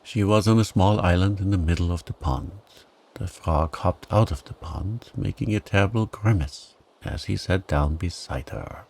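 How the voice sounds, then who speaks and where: A man narrates a bedtime story in a calm, gentle, soothing way. His voice is low and grainy with creak, and he takes his time over every phrase. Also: a little slow.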